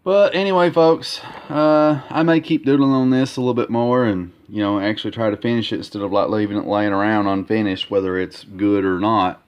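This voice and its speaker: Low-voiced man, halting casual vlog. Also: steady tone, clear, resonant tone, dull audio. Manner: halting, full of fillers and repeated words. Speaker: comic artist vlogger. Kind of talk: casual progress-update vlog.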